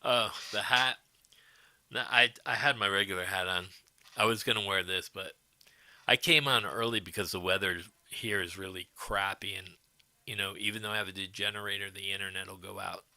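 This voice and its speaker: A man's voice: low-pitched, steady tone, moderate pace, pushed and bright, no echo. A middle-aged man hosting a livestream, chatting casually with his viewers and rambling as he answers their comments. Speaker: livestream host.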